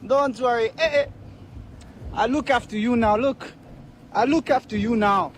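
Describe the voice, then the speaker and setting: A man pleading and coaxing in a video clip, repeating himself in a drawn-out way. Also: extremely high pitch, slight background noise.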